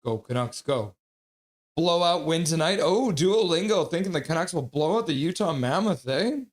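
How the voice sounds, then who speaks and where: A man's voice: a little high, expressive, normal speed. A man hosting a live hockey watch-along stream, joking around and greeting viewers from chat in a casual way. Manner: jokey, reads chat messages aloud and greets viewers.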